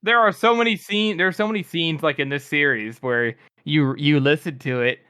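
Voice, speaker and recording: A man's voice: on the high side, moderate pace, sharp tone, clear, resonant tone, no room sound, clean studio sound. A man co-hosting a casual book podcast, rambling and laughing as he talks. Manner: rambling, laughing, lots of fillers. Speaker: podcast co-host.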